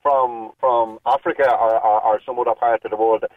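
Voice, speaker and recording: A man's voice: medium pitch, fairly even intonation, moderate pace, no echo. A man with a Dublin Irish accent calling into a radio show, speaking earnestly and hesitantly, often repeating words. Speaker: radio caller. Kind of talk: phone-in call. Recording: tinny phone line.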